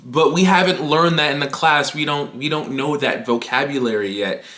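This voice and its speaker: A man putting on the voice of a polite, patient female language teacher gently questioning a student. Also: fairly high pitch, moderate pace, pitched below the performer's own voice, natural voice.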